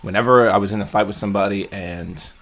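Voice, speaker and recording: Guy with a lowish voice venting on his vlog, rambly, heats up then trails off, keeps restarting. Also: steady tone, quick pace, fairly bright tone. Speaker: vlogger. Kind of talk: casual check-in monologue.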